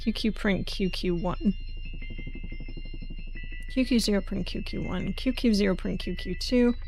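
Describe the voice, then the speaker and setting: A woman's medium-pitched, gravelly, darkish voice moves a little slowly over faint music. She's a streamer giving casual live commentary on a puzzle game, thinking aloud, muttering, and swearing in frustration.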